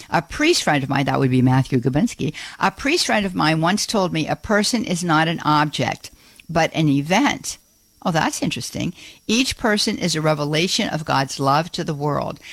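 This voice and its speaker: A woman's voice: low voice, no echo. Gushing woman hosting a call-in show. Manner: warm, gushing, folksy exclamations. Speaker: radio host. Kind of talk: Catholic call-in radio talk.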